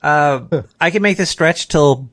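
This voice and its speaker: A man's voice: on the high side, slow, a bit bright. A man hosting a casual talk show, loose and joking, who swears freely. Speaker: podcast host. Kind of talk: casual chat.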